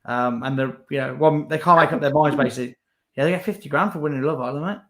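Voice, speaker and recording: A man's voice: a little high, fast talker. Chatty young man. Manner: chatty, lots of fillers. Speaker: co-host. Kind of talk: casual chat.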